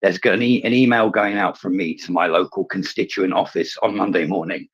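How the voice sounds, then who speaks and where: A man speaks in a rough, husky voice on the low side. He rants with mounting anger and swears freely. The audio is dull and lo-fi, like an online call. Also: steady tone, brisk. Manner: angry, fuming; swears heavily. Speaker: participant in a live audio chat space. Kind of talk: impassioned rant. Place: remote online audio room.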